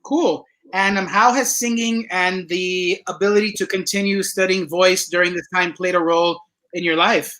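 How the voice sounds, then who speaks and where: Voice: mid-range voice, fairly even intonation, moderate pace, a bit bright. Friendly stumbling concert host. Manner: friendly, stumbles and repeats words. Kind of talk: casual host introductions and questions.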